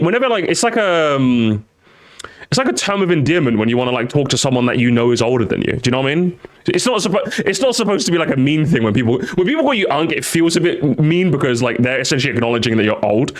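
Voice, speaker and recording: A young man speaks fast in a casual live-stream chat, joking around animatedly and now and then bursting into high, squeaky exclamations.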